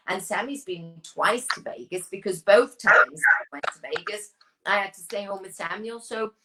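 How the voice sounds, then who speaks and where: An older woman answering a quick run of casual questions as an interview guest, chatty and self-assured. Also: medium pitch, fairly bright tone, slight background noise, rough recording.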